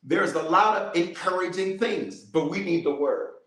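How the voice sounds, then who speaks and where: Guy preaching and praying, kinda high voice, says stuff over and over in a rhythm, slangy bits, roomy echo. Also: normal speed, fairly bright tone. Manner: repetitive, rhythmic declarations; casual, colloquial asides. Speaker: bishop. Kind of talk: teaching and leading prayer.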